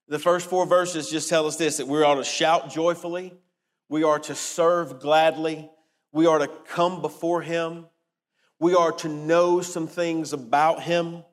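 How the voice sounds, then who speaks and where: A man preaching a sermon in an earnest, deliberate way, slowing down to stress key words. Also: a little high, long reverb tail. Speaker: pastor.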